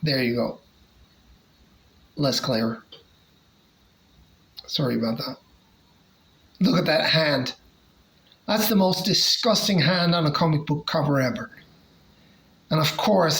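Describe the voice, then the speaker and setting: Slow-talking collector showing comic covers, lots of ums, easygoing chat. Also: medium pitch, expressive, a bit bright, poor audio. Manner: hesitant, many fillers and restarts. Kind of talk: casual collection showcase.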